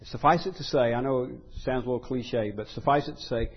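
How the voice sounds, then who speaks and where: A man preaching a sermon in an earnest way, rising to loud pleading when he voices quotes. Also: medium pitch, brisk, husky, dull audio. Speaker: pastor.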